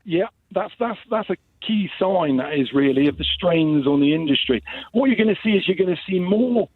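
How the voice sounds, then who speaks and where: High-voiced man on a tinny phone line. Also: lively intonation, normal speed, breathy edge, no echo. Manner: hesitant, repeats words while getting going. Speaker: caller. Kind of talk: phone-in call.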